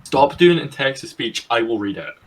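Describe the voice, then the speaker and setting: A young man from Britain hosts a casual online podcast, talking at an ordinary pitch. He rambles through his points, swears freely and laughs easily. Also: big pitch swings, a little fast. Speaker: podcast host. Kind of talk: casual chat over a voice call.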